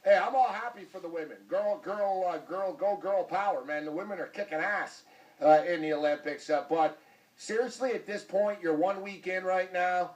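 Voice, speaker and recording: Male sports show host, high pitch, a bit far from the mic, ribbing and joking. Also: normal speed. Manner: teasing, joking, repeats himself. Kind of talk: casual sports chat.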